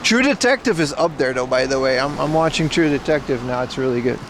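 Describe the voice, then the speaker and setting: A man's voice: medium pitch, lively intonation, brisk, a bit bright, a little hiss or hum. A man livestreaming as he walks outdoors, chatting casually, rambling and opinionated as he answers his chat. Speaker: IRL livestreamer. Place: outdoors on city streets.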